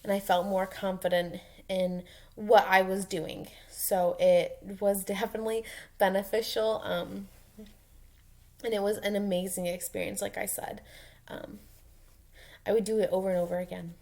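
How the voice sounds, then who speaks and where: A young woman, a mom, talking casually and emotionally in a personal vlog, rambling with many ums and soft laughs. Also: medium pitch, little pitch movement, normal speed, creaky. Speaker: mom vlogger.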